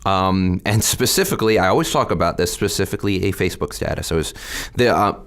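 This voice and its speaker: Brief: candid, animated male guest, low register, middle-aged. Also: quick pace. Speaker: state representative guest. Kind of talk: podcast interview.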